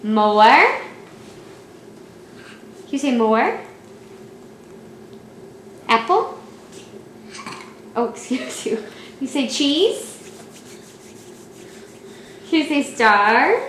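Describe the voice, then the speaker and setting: Woman, patient sing-song questions to a toddler, very slow, slightly high, echoey room with faint hiss. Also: big pitch swings, fairly bright tone. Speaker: parent filming her toddler. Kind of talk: coaxing a toddler to say and sign words.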